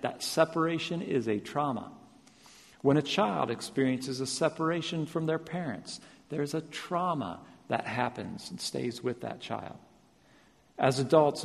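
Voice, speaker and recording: A man preaching a sermon, repeating phrases with rising emphasis and then dropping to a quiet, slow delivery. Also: medium pitch, creaky. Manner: builds to loud emphatic repetitions, then drops soft and slow. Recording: long reverb of a large hall.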